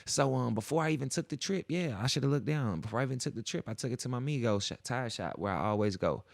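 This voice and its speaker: A man's voice: mid-range voice, fast talker, creaky, no room sound, studio quality. A young man hosting a podcast, telling a long story in casual slang and acting out what people said. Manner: slangy, animated, acts out quoted voices. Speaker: podcast host.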